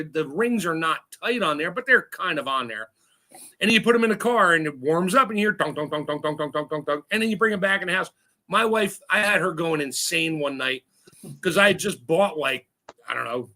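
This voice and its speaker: A man's voice: sits high, sharp tone. A man hosting a casual chat, telling stories with lots of laughter and imitated sounds. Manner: chatty storyteller, laughs often, acts out sounds. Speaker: host.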